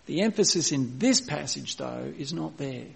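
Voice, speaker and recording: A man delivers a sermon from the pulpit, his voice gravelly and pitched a little higher than most men's. He slows right down to read scripture, then explains it in a conversational way, restarting his phrases as he goes. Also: expressive. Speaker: pastor.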